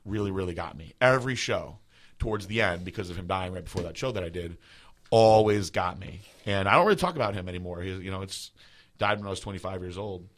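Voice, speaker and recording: A man's voice: deep voice, fast talker. A man hosting a podcast, telling stories in a casual, rambling way, full of "like" and swearing. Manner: rambling, heavy "like" filler, profane. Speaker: podcast host. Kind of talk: casual storytelling chat.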